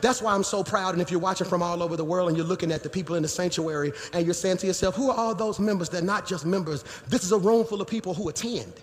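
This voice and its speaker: Pastor guy preaching in a big church, fairly high voice, long echo, goes soft then yells. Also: fast, hardly any pauses. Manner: preaching, swings from quiet teaching to shouting. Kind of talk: sermon. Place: church sanctuary. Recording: live church hall reverb, faint noise.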